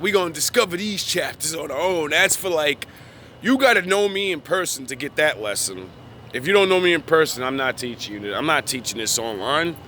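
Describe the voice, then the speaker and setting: A man's voice: on the high side, sharp tone, a little hiss or hum. A young man giving a casual, preachy monologue in profane street slang, worked up as he preaches. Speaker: vlogger.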